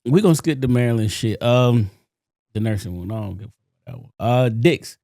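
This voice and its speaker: A laid-back man co-hosts a casual podcast, running through news items in a relaxed, unhurried way. His voice sits at an ordinary middle pitch. The sound is dry and close. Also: no room sound. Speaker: podcast co-host.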